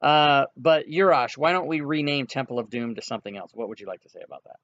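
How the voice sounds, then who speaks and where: A man narrating as game master of a tabletop game, relaxed and reassuring toward his players, on a dull, dry lo-fi recording. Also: medium pitch, fast talker. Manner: relaxed, reassuring, laughs easily.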